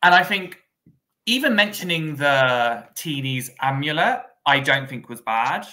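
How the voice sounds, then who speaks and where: Guy co-hosting a podcast, bright voice, kinda thinking out loud as he talks. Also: on the high side, very animated, a little slow. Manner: conversational, thinks aloud with fillers. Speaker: podcast co-host. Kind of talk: casual recap chat.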